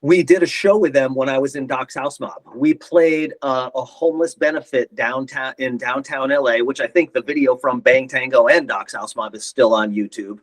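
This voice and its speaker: A man's voice: medium pitch, normal speed, hardly any pauses, low-quality recording. A middle-aged man, a guitarist, telling band stories in a casual interview, rambling and acting out quotes. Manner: rambling anecdotes, acts out quotes. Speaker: guest guitarist.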